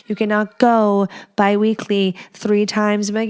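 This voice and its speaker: A woman's voice: medium pitch, monotone, unhurried, a little mellow, clean tone. A woman in her thirties hosting a podcast, giving candid advice in a frank, blunt way, swearing freely and acting out the people she quotes. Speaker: podcast host.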